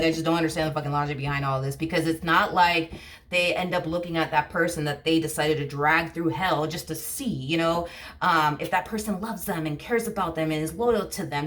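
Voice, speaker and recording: A woman's voice: lowish voice, fairly bright tone, recorded from a distance. A woman giving a tarot reading, ranting heatedly and swearing often as she gets worked up. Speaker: tarot reader. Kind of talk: casual tarot reading monologue.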